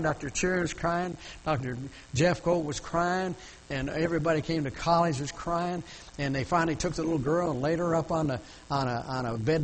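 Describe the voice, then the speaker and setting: A man's voice: fairly high pitch, poor audio. An older male pastor telling a story in a sermon, folksy and full of restarts, rising to emotional emphasis.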